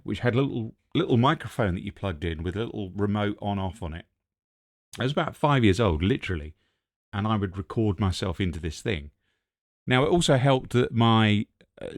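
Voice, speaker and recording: A man's voice: on the low side, dry recording, studio quality. A middle-aged man from Ipswich, chatting in a podcast interview, telling rambling stories and laughing often. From England (Ipswich, Suffolk). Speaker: radio presenter guest.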